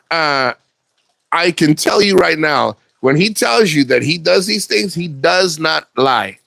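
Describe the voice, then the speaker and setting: A man's voice: on the high side, expressive, slow, gravelly, a bit bright, no room sound. A man talking casually to camera in a blunt, profane, rambling way, restarting his sentences often. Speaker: vlogger.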